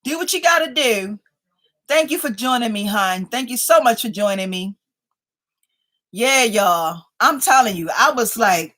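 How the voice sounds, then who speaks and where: A high-pitched woman in her fifties hosts a live stream, chatting casually with viewers. Her voice is bright and forceful, and she teases and laughs often as she reads their comments aloud. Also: lively intonation, measured pace. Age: 50s.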